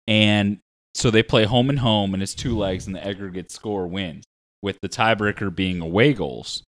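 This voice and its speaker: A man's voice: lowish voice, moderate pace. A man co-hosting a podcast, explaining a sports match step by step in laid-back casual chat. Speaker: podcast co-host.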